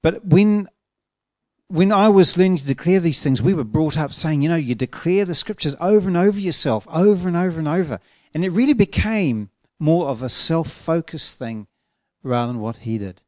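A man preaching a sermon in an earnest, emphatic way, slowing down to stretch out key words. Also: fairly high pitch, animated, darkish tone, no room sound, clean studio sound.

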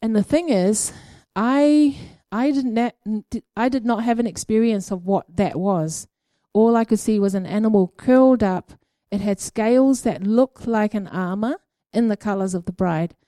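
A woman gives an informal church teaching, talking through her experiences in a loose, halting way full of ums and tag questions. Her voice is mellow and warm, and the recording is dry and close. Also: mid-range voice, dry recording. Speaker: church speaker sharing prophetic experiences.

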